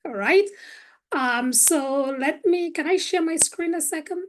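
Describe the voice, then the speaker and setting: Hoarse woman giving an earnest talk. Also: high voice, unhurried, poor audio. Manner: earnest, explanatory, frequent ums. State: hoarse, losing her voice. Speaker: career center director. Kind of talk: guest presentation. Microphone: video call.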